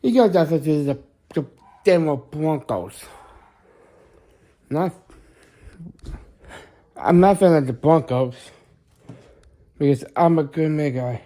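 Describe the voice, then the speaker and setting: A male vlogger speaks slowly and expressively to the camera, his slightly high voice carrying a dark tone and long pauses. His chat rambles, and he keeps restarting and correcting himself mid-sentence.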